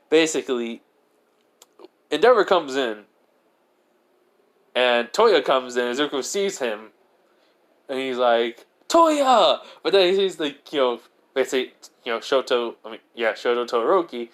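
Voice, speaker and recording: A man's voice: mid-range voice, lively intonation, normal speed, long pauses. A man casually retelling a fan-fiction story, rambling with constant filler words.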